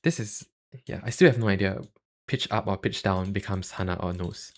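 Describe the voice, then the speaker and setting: A man streaming, chatting casually about language tones in a halting way, with many fillers and self-deprecating asides. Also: sits low. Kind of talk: casual livestream chat.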